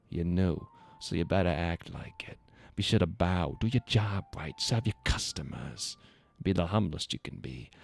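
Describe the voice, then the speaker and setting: A man doing a swaggering, entitled bar patron with a deep, gravelly voice that swings up and down as he scolds and demands. The customer talks down to everyone, bossy and scornful throughout. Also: exaggerated voice. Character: arrogant rude adult male lounge regular.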